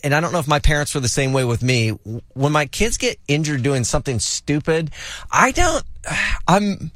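A man's voice: a little high, normal speed, dry recording. A man co-hosting a morning radio show, telling stories with mock exasperation, in a studio. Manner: animated storytelling, mock-exasperated. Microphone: studio mic.

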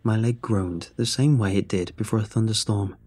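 Male narrator, husky and low, brooding scripted storytelling over soft music. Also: steady tone, moderate pace. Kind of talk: scripted first-person narration. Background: faint music.

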